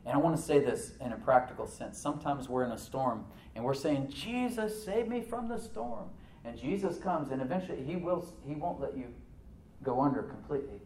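A man's voice: medium pitch, fairly quick, recorded from a distance, slight background noise. Preacher man in an echoey church hall. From United States. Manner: animated preaching with rhetorical questions and sudden soft asides. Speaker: pastor. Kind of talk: sermon.

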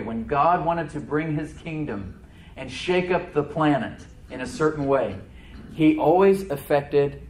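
A male pastor preaching a sermon in church, animated, slowing down to stress words and acting out the voices he quotes. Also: mid-range voice, a little hiss or hum. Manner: animated preaching, slows for emphasis, acts out quoted voices and laughs.

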